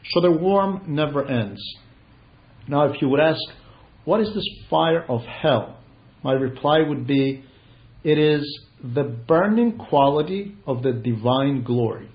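Male preacher, earnest and measured, somewhat high, muffled old recording. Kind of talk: sermon. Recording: dull lo-fi recording.

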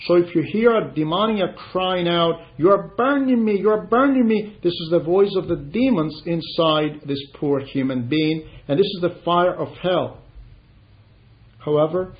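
A man preaching a sermon in an earnest, measured way, rising for emphasis. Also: fairly high pitch. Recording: dull lo-fi recording.

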